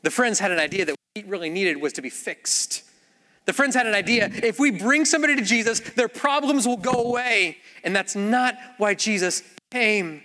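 High, bright-voiced animated preacher man. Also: normal speed, in a large hall. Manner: animated storytelling with acted-out voices. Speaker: pastor. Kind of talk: sermon. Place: church.

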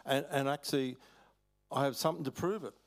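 An older Australian man preaching a sermon, telling stories in a folksy way with chuckles and halting restarts. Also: medium pitch. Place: church hall.

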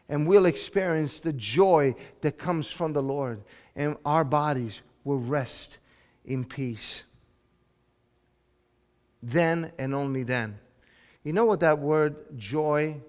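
A man preaching a sermon with animated delivery, swinging from loud exclamations to hushed asides. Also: medium pitch, big-room sound. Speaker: pastor.

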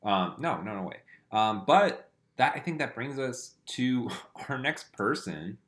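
Animated gossipy male podcast co-host. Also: medium pitch, measured pace. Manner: gossipy, jokey, lots of "like". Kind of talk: casual chat.

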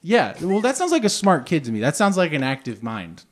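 A man's voice: on the high side, wildly swooping pitch, brisk. Rambling man chatting on a podcast. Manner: rambling, full of fillers and laughs. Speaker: podcast co-host. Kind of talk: casual comedic chat.

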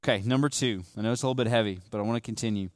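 A young adult male pastor preaching a sermon in a conversational way, checking in with "okay?" and "right?", dropping to a hush and then pushing hard on key lines. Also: on the low side, rapid-fire, no room sound. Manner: shifts between hushed emphasis and raised, stressed lines.

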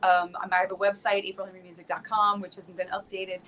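A woman's voice: mid-range voice, level tone, fairly quick, fairly bright tone, low-quality recording. A woman singer and vocal coach chatting as a podcast guest, rambling through her explanations with frequent restarts and easy laughter. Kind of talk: casual interview chat.

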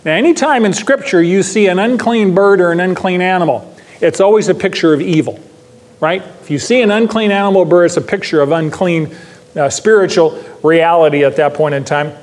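A man's voice: high voice, brisk. A male pastor giving an expository Bible teaching, emphatic, repeating key phrases and putting questions to his listeners.

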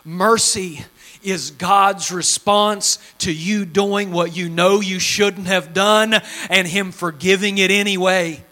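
A male pastor preaching to a congregation in a high, bright voice that carries. He swings from urgent, near-shouted pleas down to quiet, hushed confession, with folksy turns of phrase. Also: fairly even intonation, slow pace. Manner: fervent preaching that swings from shouted pleading to low hushed tones. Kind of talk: sermon. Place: church sanctuary before a congregation.

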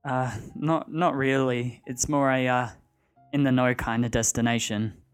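A man's voice: mid-range voice, level tone, a little slow, clean tone, faint music behind, lightly acted. A man doing a hesitant, stumbling young man. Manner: hesitant, stumbling over words. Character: nervous young man hiding dark intent.

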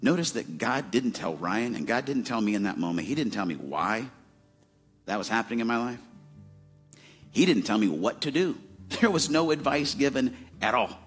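A man's voice: mid-range voice, animated, normal speed, slightly rough, soft background music. A man in his forties from Arizona, preaching a sermon in a casual, conversational way with many fillers. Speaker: pastor.

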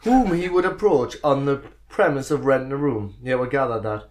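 A man co-hosting a loose podcast chat, his voice at an everyday middle pitch. He rambles and giggles, often trailing off mid-sentence before finding his point. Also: normal speed, darkish tone. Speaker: podcast co-host. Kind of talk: casual banter.

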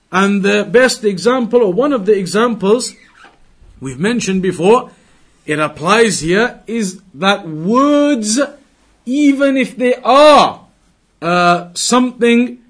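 Male religious teacher, fairly high voice, quizzes the class, drawn-out repetitions. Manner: questions the audience, repeats words slowly for emphasis. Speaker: Islamic teacher.

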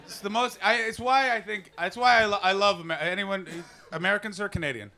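On a comedy club stage before a live audience, a male comic with a bright, high voice riffs through an improvised set with crowd work. He talks fairly quickly and swings into loud mocking character voices, with some chatter in the background.

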